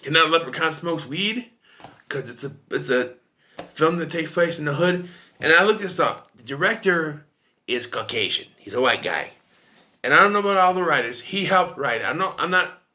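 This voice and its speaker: A man's voice: a little high, pushed and bright. A man giving a casual, rambling and opinionated film review to camera.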